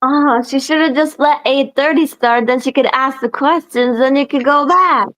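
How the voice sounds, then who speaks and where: A woman's voice: high-pitched, moderate pace, fairly bright tone. A woman in casual chat, mostly giving short reactions to a friend's stories. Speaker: listener in a chat.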